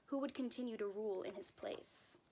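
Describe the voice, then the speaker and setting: A woman reading a children's picture book aloud, gentle and expressive. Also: a little high, fairly quick, a little hiss or hum. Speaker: storybook reader.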